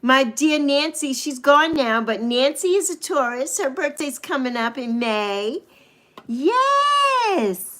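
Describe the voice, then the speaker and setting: A woman's voice: high voice, measured pace, hardly any pauses, a bit bright. A middle-aged American woman from the United States hosting a casual live chat, chatty, laughing often and swearing freely. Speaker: live stream host.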